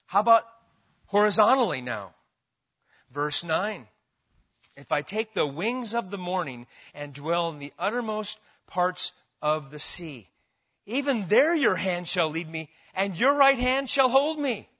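A man's voice: sits high, lively intonation, measured pace, pushed and bright, lo-fi sound. A man preaching an expository sermon as pastor, emphatic and asking his congregation questions as he goes.

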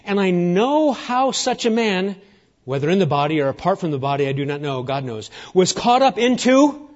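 A high-pitched man delivers a sermon with rising emphasis, then drops low for hushed moments. The recording is slightly muffled, with a dull edge to the sound. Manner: emphatic preaching, swinging from loud declarations to hushed near-whispers. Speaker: pastor.

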